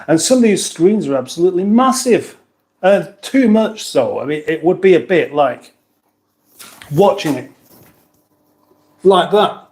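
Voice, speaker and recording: A man's voice: high voice, lively intonation, a little slow, long pauses, darkish tone. A British man hosting a casual livestream, chatting in a rambling way and reading out viewer comments. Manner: rambling, chatty, with many restarts and asides. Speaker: livestream host.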